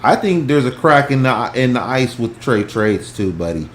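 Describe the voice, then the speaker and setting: Animated, profane man in an echoey room. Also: mid-range voice, moderate pace, a little hiss or hum. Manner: animated, profane, swings from loud to hushed. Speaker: stock talk show host. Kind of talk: heated casual stock chat.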